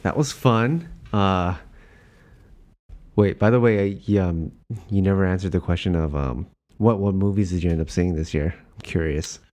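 A man's voice: low-pitched, moderate pace, darkish tone. A young man hosting a podcast, chatting casually with plenty of fillers. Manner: laid-back, chatty with many fillers. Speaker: podcast host. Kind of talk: casual chat.

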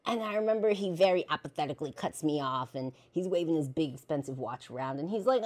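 A woman with a low voice tells personal stories on her podcast. She talks in casual, slangy language, curses freely, and laughs often as she goes. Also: animated, fast talker, hardly any pauses, darkish tone. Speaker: podcast host. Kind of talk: personal storytelling monologue.

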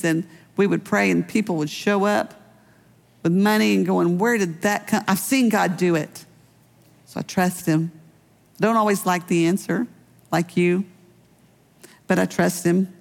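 A middle-aged woman pastor preaching in a relaxed, conversational way, weaving personal stories into her sermon. Her voice has a gravelly edge, and it rings out with a long reverb through a large church hall. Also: mid-range voice. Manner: personal storytelling with light laughs.

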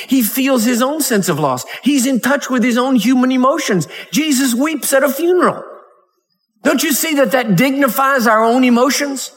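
A man preaching a Wednesday night sermon, reading scripture and talking conversationally with laughs and mock voices. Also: extremely high pitch. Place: church sanctuary. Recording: long hall reverb.

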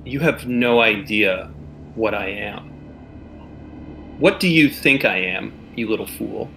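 A man's voice: lowish voice, slow, vocal fry, a bit bright, slight background noise, exaggerated voice. A man voicing an ancient, menacing sphinx that snarls its words through gritted teeth. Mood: scornful.

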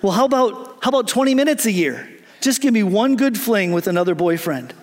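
Guy doing a high, gushy young fiancée, eager and fickle, pleading in a sermon story. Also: expressive, fairly quick. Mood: bargaining. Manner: pleading, bargaining, gushing.

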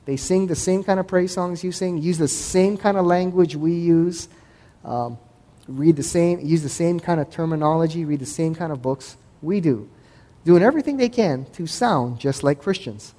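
A man giving a conversational talk to an audience as a host and Christian apologetics speaker, acting out past dialogues in quick voices. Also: a little high, dark tone. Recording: echoey hall with long reverb.

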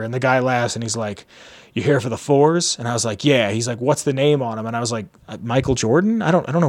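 A man's voice: mid-range voice, fast. A young man hosting a podcast, telling a long casual story in a rambling way, full of "like" and acted-out dialogue. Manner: rambling, animated retelling with lots of "like" and quoted dialogue. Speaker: podcast host.

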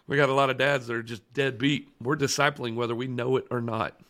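A man co-hosting a podcast, telling animated stories and laughing often. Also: mid-range voice, a little fast. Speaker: podcast co-host. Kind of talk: casual chat.

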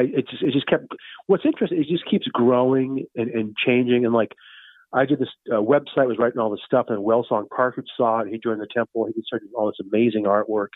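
A man in his fifties, a guest calling in, talking in a loose, rambling and excited way, full of "you know" and "far out". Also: mid-range voice, quick pace, dry recording. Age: 50s. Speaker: guest, founder of a fun-based religion. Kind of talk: casual phone interview. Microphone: phone. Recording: tinny phone line.

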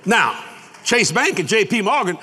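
Folksy preacher guy, high sharp voice, big echoey church hall. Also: sing-song, normal speed, heavy background noise. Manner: folksy and boastful, laughing at his own lines. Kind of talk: sermon. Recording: long hall reverb.

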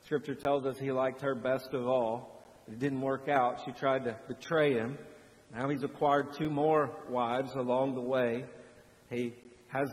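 Preacher man with long echoing reverb. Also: mid-range voice. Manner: swings from hushed and slow to loud and fervent. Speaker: pastor. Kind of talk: sermon.

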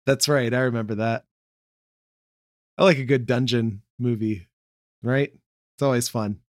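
A young man co-hosting a casual chat, laid-back and quick to laugh. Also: mid-range voice, steady tone, no room sound, studio quality. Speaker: podcast co-host.

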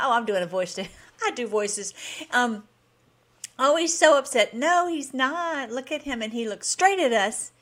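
A woman's voice: medium pitch, a bit bright. A woman hosting a casual commentary vlog. She talks enthusiastically and rambles, with frequent restarts. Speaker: host.

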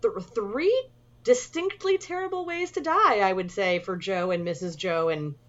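A woman's voice: medium pitch, normal speed, fairly bright tone, dull audio. A woman co-hosting a casual movie podcast, rambling with lots of fillers and restarts. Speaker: podcast co-host. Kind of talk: casual movie review chat.

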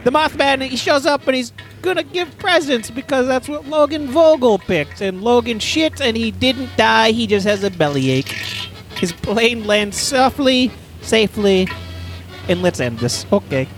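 A man's voice: very high voice, lively intonation, a little slow, music in the background. A man improvising crude comedy bits, rambling and laughing at his own jokes.

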